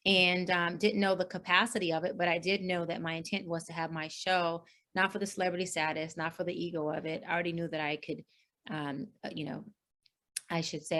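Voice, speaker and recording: Earnest expressive woman, slightly low voice. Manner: expressive, quotes people in lively voices; earnest, many fillers and restarts. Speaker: life coach guest. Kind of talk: interview, personal storytelling.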